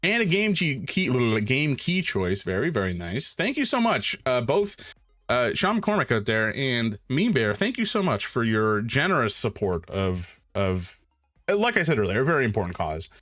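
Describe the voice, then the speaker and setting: A man streaming live, chatting casually while he draws, rambling and self-mocking with sudden loud exclamations. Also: medium pitch, big pitch swings, normal speed, no echo, clean studio sound, faint music behind.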